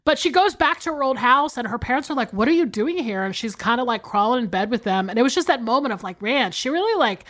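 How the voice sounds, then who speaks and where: A woman in her thirties co-hosting a casual movie podcast, animated and profane, laughing often. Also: a little high, fast, hardly any pauses. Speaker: podcast co-host.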